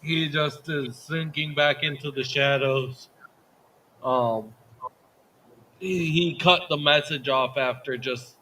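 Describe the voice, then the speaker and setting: A man's voice: a little high, fairly even intonation, slow, bright, forceful tone, faint music behind, low-quality recording. A man playing in a tabletop game, talking casually. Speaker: player.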